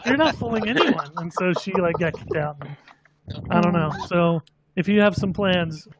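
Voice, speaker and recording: This is a man with a high-pitched voice on a casual group call. He tells stories in an animated way and acts out the people in them. There is a faint hiss of noise behind him. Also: normal speed. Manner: animated storyteller, acts out quoted people loudly. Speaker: guest crew member telling tour stories.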